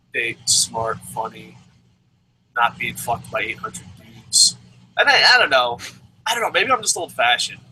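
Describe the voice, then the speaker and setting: A man's voice: medium pitch, pushed and bright, a little hiss or hum, poor audio. A man co-hosting a wrestling review show in casual chat, swearing often, rambling and laughing as he goes.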